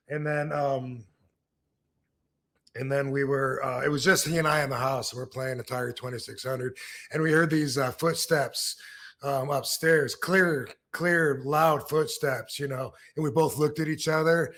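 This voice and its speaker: A man in his fifties from Michigan, USA, hosts a podcast, telling stories casually with lots of restarts and fillers. His medium-pitched voice is a bit bright, fairly even in intonation, and unhurried.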